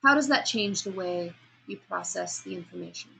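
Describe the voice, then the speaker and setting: A woman teaching a speech class, her voice bright and forward with a husky, breathy edge. She talks in an animated way, questions the students, and acts out each sound and change of pace as she explains it. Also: medium pitch, normal speed, poor audio. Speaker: speech instructor. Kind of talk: classroom lecture on vocal delivery.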